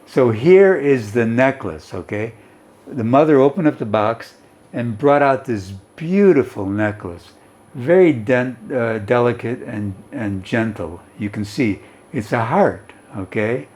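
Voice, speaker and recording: Slow, patient male English teacher. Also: mid-range voice, expressive, darkish tone. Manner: reads aloud and explains, often checking with "okay?". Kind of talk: explaining a story in an English lesson.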